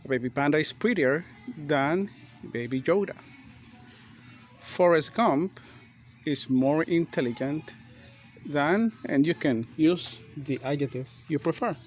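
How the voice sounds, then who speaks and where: A man teaching a grammar lesson, repeating and spelling out words slowly and deliberately. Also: fairly high pitch, faint music behind. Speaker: English teacher.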